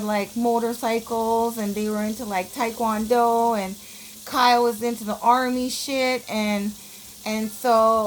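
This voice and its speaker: A woman's voice: on the high side, noisy background. Brief: woman in her forties from Canada, casual vlogger, crude and blunt, rambling with lots of fillers. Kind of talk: casual storytelling vlog.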